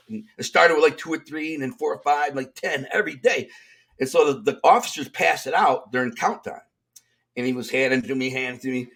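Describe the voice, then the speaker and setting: A middle-aged man with a Detroit accent, a guest in an interview, telling stories in a streetwise, animated way and acting out the lines of people he quotes. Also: medium pitch. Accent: Detroit, Michigan. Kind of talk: storytelling in casual interview.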